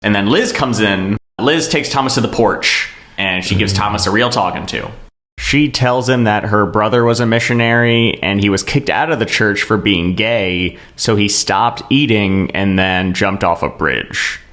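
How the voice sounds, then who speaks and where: A man's voice: fairly low pitch, normal speed. Man retelling a film, roomy sound. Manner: animated storytelling, voices quoted lines, laughs at own jokes. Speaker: comedian retelling a movie plot. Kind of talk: comedic podcast chat.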